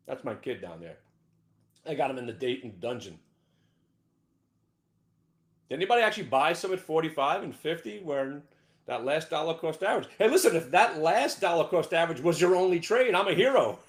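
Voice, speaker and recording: Man, higher voice, very lively pitch, brash trading rant, shouts in bursts. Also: a little fast. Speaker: market show host.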